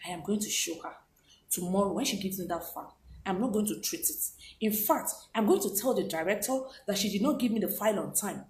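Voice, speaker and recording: A woman acting out a bitter woman quietly plotting revenge, muttering. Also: fast talker, a little hiss or hum, lightly acted. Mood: scheming. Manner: low, muttering, scheming. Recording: roomy echo.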